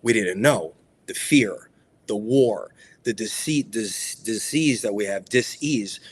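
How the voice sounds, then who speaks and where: A man's voice: lowish voice, measured pace, slightly rough. A man hosting a motivational spiritual talk, emphatic and repetitive in a preacherly way. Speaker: spiritual speaker and show host.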